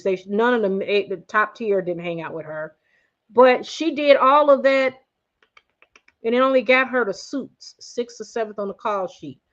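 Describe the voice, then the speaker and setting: A woman hosting a casual commentary livestream, excitable and blunt, talking directly to her viewers. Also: a little high, lo-fi sound. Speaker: host.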